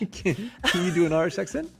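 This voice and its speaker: A man's voice: high voice, vocal fry. An Australian man co-hosting an esports race stream, telling a rambling story in casual chat.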